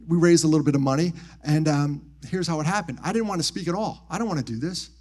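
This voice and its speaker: A man with a slightly high-pitched voice speaks to a live audience at a military base. He tells personal stories with animated energy, jumping up in pitch to act out the people he quotes. Then he drops to soft, hushed tones on grief. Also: quick pace. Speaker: motivational speaker. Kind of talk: live storytelling talk on suicide prevention.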